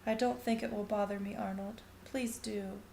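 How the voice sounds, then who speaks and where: A woman's voice: mid-range voice, steady tone, moderate pace, creaky, warm tone, a little hiss or hum, close to an everyday voice. A woman voicing a distracted, anxious mother who talks in a fretful, apologetic way, in a story reading in an echoey room.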